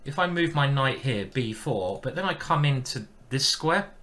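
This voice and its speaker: Man, live-stream chess commentary, chatty, thinking aloud, bright voice. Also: mid-range voice, expressive, normal speed. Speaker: chess player streaming his games.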